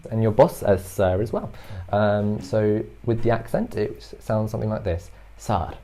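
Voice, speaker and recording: A man who grew up in London, explaining word differences in a calm, patient way. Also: fairly low pitch, moderate pace. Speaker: co-presenter. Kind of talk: explanatory chat.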